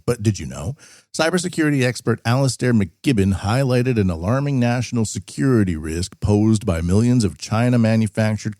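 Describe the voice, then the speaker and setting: A man's voice: on the low side, mellow, dry recording, clean studio sound. A man hosting a podcast, reading news articles aloud and rambling through sarcastic asides. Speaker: podcast host. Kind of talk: casual news commentary.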